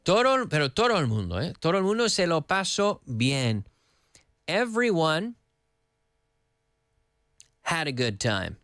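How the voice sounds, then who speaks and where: Animated male teacher, lively pitch. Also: measured pace, long pauses. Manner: animated, playful, switches between English and Spanish. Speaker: English teacher. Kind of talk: lively TV English lesson.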